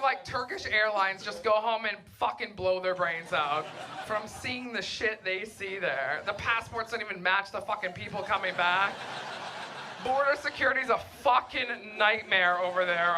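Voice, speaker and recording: A young woman performing a crude, brash stand-up set on a comedy club stage, with deadpan delivery, mocking voices and audience laughter behind her. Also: mid-range voice, a little hiss or hum.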